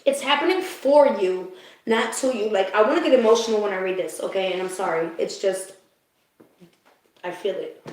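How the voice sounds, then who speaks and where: A spiritual reader with a fairly high, darkish voice does a live card reading, speaking directly to her viewers. She's emotional and confiding, laughs easily, and keeps checking the listener is following along. Heavy echo from a bare room soaks the very echoey recording.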